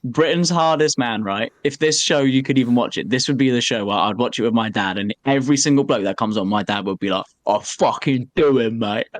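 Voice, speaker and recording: A man co-hosting a podcast, joking and chiming in with quick banter. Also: mid-range voice, dry recording. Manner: laughing banter, quick interjections. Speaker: podcast co-host. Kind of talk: casual comedic chat.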